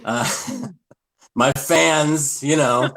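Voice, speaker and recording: A man's voice: medium pitch, steady tone, drawn-out words, vocal fry, a bit bright, slight background noise. A man, a comedian guest, telling rambling self-deprecating stories in casual live-stream chat. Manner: rambling, self-deprecating storytelling with scat vocal bits.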